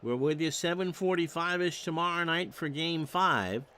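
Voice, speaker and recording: A man's voice: on the high side, normal speed, pushed and bright, clear, resonant tone. A man calling baseball play-by-play, reading off stats with wry joking asides. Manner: stat-heavy calls with wry joking asides. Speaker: play-by-play announcer.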